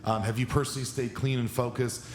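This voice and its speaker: A man's voice: medium pitch, flat delivery, quick pace, roomy sound, slight background noise. A man hosting a podcast, earnestly asking prepared interview questions. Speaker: podcast host.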